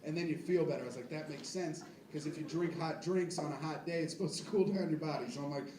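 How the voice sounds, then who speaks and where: A man's voice: a little high, quick pace, recorded from a distance, a little hiss or hum. A man in his twenties doing a crude, self-deprecating stand-up set with rambling asides to the crowd, on a comedy club stage. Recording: echoey club miked from afar, loud crowd.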